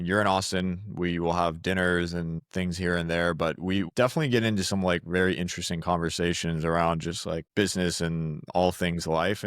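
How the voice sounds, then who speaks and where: A man's voice: low voice, clear, resonant tone, dry recording, clean studio sound. A man hosting a podcast, talking casually and hyping up his guest. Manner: relaxed, hypes up his guest. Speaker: podcast host.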